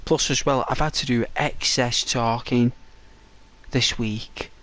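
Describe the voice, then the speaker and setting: A man chatting casually during a break in his game stream, his throat dry and croaky, rambling and peppering his talk with "like". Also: mid-range voice, steady tone, slow pace, a bit bright. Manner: rambling, full of "like".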